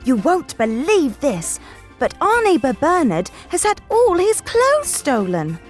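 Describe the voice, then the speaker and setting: A woman's voice: sits high, huge pitch swings, takes it slowly, faint music behind, full character voice. An actress playing a chatty, gossipy young woman in a sitcom. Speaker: sitcom character. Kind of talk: scripted sitcom acting.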